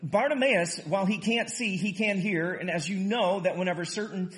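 A man preaching a sermon in an animated way, casually explaining a Bible passage and acting out the quotes. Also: high-pitched, normal speed. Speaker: pastor.

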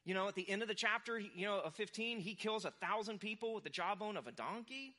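Young male pastor, bright and forceful sermon voice, casual storyteller. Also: high-pitched, fast. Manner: animated, acts out quoted voices.

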